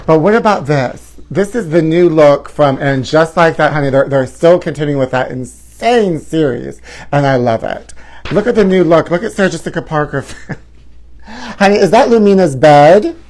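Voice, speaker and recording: A man's voice: fairly high pitch, expressive, normal speed, a little mellow. Sassy campy man hosting a gossip show. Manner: flamboyant and sassy, keeps calling viewers honey. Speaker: host.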